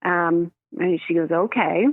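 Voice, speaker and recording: A woman who works as a medium, telling stories in an animated way and acting out the voices in them. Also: lowish voice, measured pace, no room sound. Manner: animated, acts out quoted voices, laughs often. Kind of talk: storytelling in a phone interview. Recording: dry tinny phone line.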